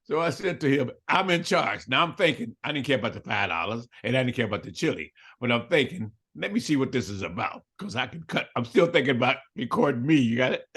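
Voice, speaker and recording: A man's voice: medium pitch, expressive, quick pace, few pauses, fairly bright tone, breathy edge. An older man telling a story in an interview, acting out both sides of the dialogue and laughing often. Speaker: interview guest.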